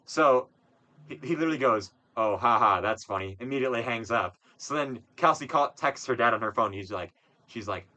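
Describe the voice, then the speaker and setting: A man's voice: mid-range voice, expressive, a little fast, bright, forceful tone. A young man co-hosting a podcast, rambling through a story with lots of fillers and swearing. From Wisconsin. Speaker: podcast co-host. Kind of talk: casual chat.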